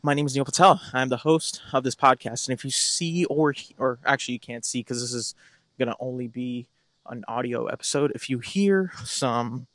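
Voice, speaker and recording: A man's voice: medium pitch, normal speed, a bit bright, no echo. A man hosting a podcast, talking casually into his phone while outdoors on a walk, a little out of breath, rambling and correcting himself as he goes. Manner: rambling, self-correcting and candid. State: slightly out of breath from walking. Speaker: podcast host. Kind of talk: casual walking monologue.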